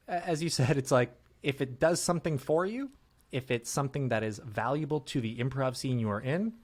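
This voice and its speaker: A man speaks at an ordinary middle pitch in a casual podcast chat about improv. He lays out his points in a relaxed, measured way. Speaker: podcast co-host, improv performer.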